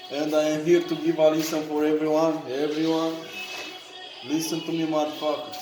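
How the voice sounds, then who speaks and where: A man's voice: on the high side, completely flat delivery, moderate pace. A man from Romania with a Romanian accent, joking, boasting and swearing in casual chat while at his workplace. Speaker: vlogger. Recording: echoey room with loud music.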